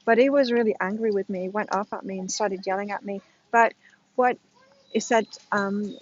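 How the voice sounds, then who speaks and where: A woman in her late forties speaks candidly to camera, telling a personal story as part of an astrology reading. Her voice sits at an ordinary middle pitch, and she keeps drawing listeners in with direct questions. The recording is slightly dull and lo-fi. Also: fairly quick. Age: 40s. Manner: candid, frank, addresses viewers directly with "right?". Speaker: astrology reader.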